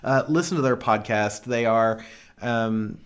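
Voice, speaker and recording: A man's voice: medium pitch, a little slow, noisy background. A man co-hosting a podcast, chatting casually in a jokey, crude way and laughing readily. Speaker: podcast co-host. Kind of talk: casual chat.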